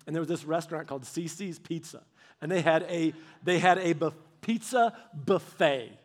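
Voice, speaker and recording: A man with a notably high speaking voice delivers a sermon. His style is conversational and anecdotal, and he often turns to address his listeners directly. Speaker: pastor.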